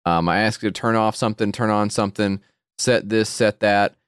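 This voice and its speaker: A man co-hosting a podcast, chatting casually and profanely and jumping into high mock voices. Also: steady tone, a little fast, smooth, no echo, clean studio sound. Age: adult with a wife and kid. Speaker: podcast co-host. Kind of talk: casual comedic chat.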